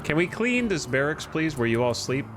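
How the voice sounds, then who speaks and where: A man's voice: fairly high pitch, sing-song, moderate pace, music in the background. A man streaming a game, giving casual commentary in a wry, rambling, self-deprecating way.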